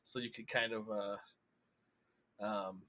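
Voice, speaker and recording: A man's voice: lowish voice, steady tone, slow pace, pushed and bright. A man running a tabletop game as game master, giggly and hesitant with many ums.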